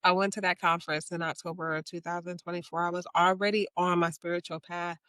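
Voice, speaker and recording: Bright, expressive woman hosting a chat. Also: fairly low pitch, fast talker, clean tone, no echo. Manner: warm, encouraging, expressive storyteller. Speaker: podcast host. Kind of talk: casual chat.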